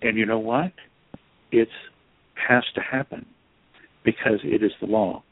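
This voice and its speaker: A man, an author guest in an interview, telling a story in an animated, self-deprecating way over a phone line. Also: lowish voice, measured pace, vocal fry, no echo. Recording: tinny dry phone line.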